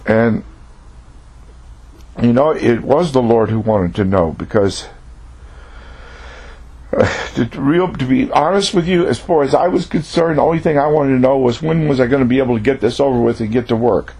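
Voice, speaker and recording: A man's voice: mid-range voice, moderate pace, pauses often, darkish tone, husky. A man preaching, telling a personal testimony in an earnest, reflective way.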